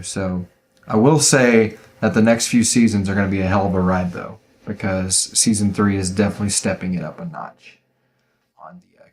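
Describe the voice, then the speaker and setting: A man hosting a podcast in a casual chat, reading listener reviews aloud in a rambling, laid-back way and often stumbling over words. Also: on the low side.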